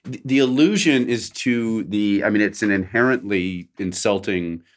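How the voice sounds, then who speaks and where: A man hosting an interview, asking probing questions and giving quick affirmations. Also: lowish voice. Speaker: interviewer, host. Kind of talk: casual conversational interview.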